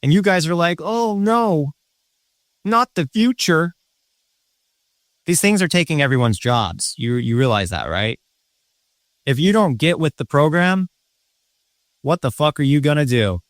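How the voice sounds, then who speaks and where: A man's voice: on the high side, big pitch swings, normal speed, no room sound, clean studio sound. A man host delivering a profane, combative and sarcastic rant to his viewers. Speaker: channel host. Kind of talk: ranting monologue.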